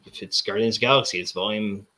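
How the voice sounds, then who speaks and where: A man's voice: on the low side, quick pace, pushed and bright. A man hosting a casual chat, showing off comic books and rambling with lots of fillers and restarts. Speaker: comic collector host.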